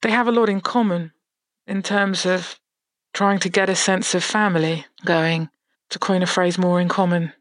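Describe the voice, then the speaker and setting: Male author guest, reflective and measured, dry close mic. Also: high voice, steady tone, a bit bright, no echo. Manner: thoughtful, measured, pauses mid-phrase. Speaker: novelist guest. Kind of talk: interview about his novel.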